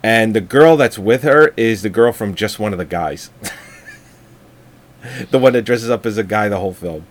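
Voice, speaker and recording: A man co-hosting a relaxed movie review podcast laughs and swears as he wanders through long stories. His pitch is fairly low, his pace normal, and he leaves long pauses.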